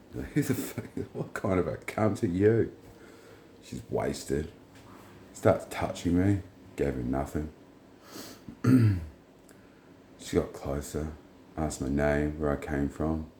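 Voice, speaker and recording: A man's voice: extremely low pitch, slow pace, vocal fry, long pauses, reverberant, a little hiss or hum. A man telling a rambling, blunt, profane story in casual monologue. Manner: blunt, profane, rambling, retells dialogue in flat quotes. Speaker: vlogger.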